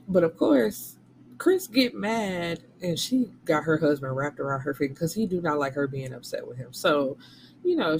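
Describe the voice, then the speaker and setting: A woman's voice: low-pitched, a little mellow, slight background noise, rough recording. A woman hosting a book channel, recapping a novel in a casual, blunt and profane way, slipping into the voices of the people she quotes. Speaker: book reviewer and channel host.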